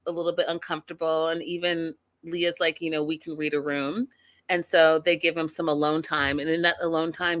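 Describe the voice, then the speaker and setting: A woman's voice: fairly low pitch, sharp tone, dry recording. A woman hosting a reality TV recap show, giving her opinions in blunt, outspoken, emphatic casual talk.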